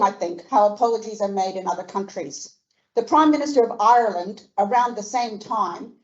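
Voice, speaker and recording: A woman's voice: medium pitch, a little mellow, lo-fi sound. Older Australian woman giving an earnest speech. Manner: measured, earnest delivery with emphatic list points. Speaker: speaker at a commemorative event. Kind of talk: prepared speech. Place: museum function room.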